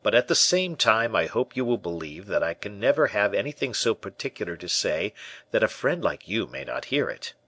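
A man voicing a sly, evasive male bishop in a storybook reading, smooth and guarded. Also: lowish voice, sing-song, moderate pace, sharp tone, no room sound, exaggerated voice.

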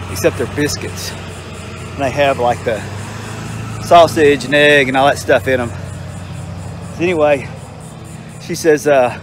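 An older man with a drawl spins loose, folksy stories in a mid-pitched voice. He rambles and doubles back, amused at his own tales as he strolls through a park. Faint music plays in the background. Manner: rambling, folksy, self-amused, lots of filler. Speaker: vlogger. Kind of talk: casual storytelling while walking. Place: outdoors in a park.

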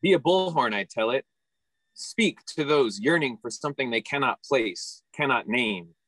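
Man reading his poem, dry and measured. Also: medium pitch, expressive, a bit bright, no echo, poor audio. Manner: measured, deliberate recital. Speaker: workshop participant.

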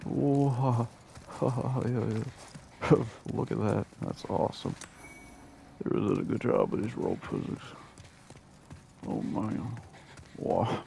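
Gravelly, joking gaming host man. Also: medium pitch, takes it slowly, pauses often, slight background noise. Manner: excitable, joking, exclamatory. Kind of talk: casual gaming commentary.

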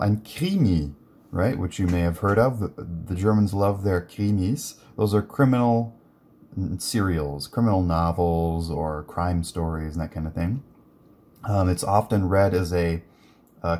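A man with English as his first language runs a relaxed guided reading lesson, chatty and full of fillers, and reads German aloud in between. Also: on the low side, slightly rough.

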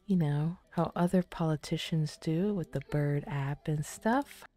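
A woman hosting a game playthrough, giving casual commentary in a soft-spoken way that drifts into whispers. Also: deep voice, unhurried. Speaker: let's play host.

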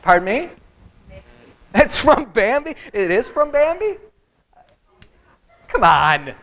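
Animated male preacher, lively pitch. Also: slow, poor audio. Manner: animated, joking asides to the congregation. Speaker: pastor. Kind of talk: Bible study sermon.

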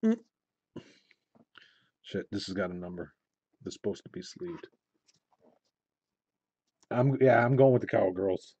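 Mellow-voiced man opening cards. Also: measured pace, pauses often, lo-fi sound, slight background noise. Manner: muttering to himself, mixing low asides and excited call-outs. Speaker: card break host. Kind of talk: casual live card-break commentary.

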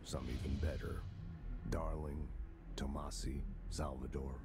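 Solemn old director, super deep voice, noisy game audio. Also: male voice, level tone, measured pace. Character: grave man, former bureau director. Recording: game audio with loud background noise.

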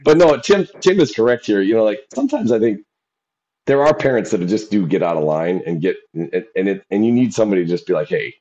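Male podcast co-host, lowish voice, animated storyteller, muffled lo-fi audio. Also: quick pace. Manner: animated storytelling, acts out quoted shouting. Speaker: podcast co-host and youth football coach. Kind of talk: casual chat. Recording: dull lo-fi sound.

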